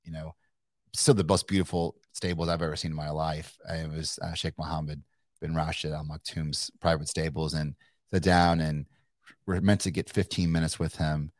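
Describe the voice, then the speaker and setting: Middle-aged man from Kentucky, very low voice, dry close sound; animated, profane storyteller full of restarts. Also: normal speed, no room sound. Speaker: guest entrepreneur. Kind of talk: casual storytelling interview.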